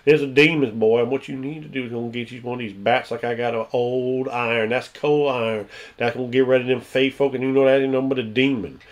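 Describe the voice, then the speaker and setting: A gruff backwoods demon hunter with a drawl, as a man puts him on in a tabletop game story. He lectures in a folksy, blustering way and will not be told otherwise. His voice sits at an ordinary middle pitch. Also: fairly even intonation, quick pace, close to an everyday voice. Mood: gruff lecturing. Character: grizzly rural male demon hunter, gruff and stubborn.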